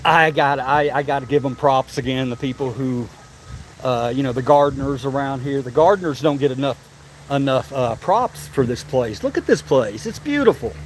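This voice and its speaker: A man tours a zoo outdoors on a live stream, chatty and laughing, a bit short of breath while walking and prone to repeating himself. His medium-pitched voice has lively intonation at a normal speed, with slight background noise.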